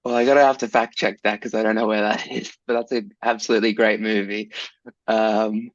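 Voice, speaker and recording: A man's voice: on the low side, little pitch movement, a little fast, no room sound. A man co-hosting a podcast in casual chat, playful and teasing as he gives out clues. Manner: laid-back, playful, teasing. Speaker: podcast co-host. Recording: dull, dry lo-fi sound.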